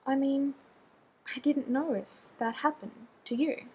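A woman's voice: sits high, fairly even intonation, warm tone, voice pushed up, poor audio. A woman reading a story aloud, voicing an anxious, fussy man who rambles and snaps when nervous. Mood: flustered. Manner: nervous, quick to snap.

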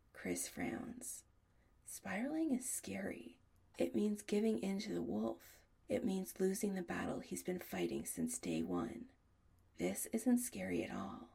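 A woman narrating an audiobook in a soft, often half-whispered delivery. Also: medium pitch, sing-song, unhurried, creaky, husky.

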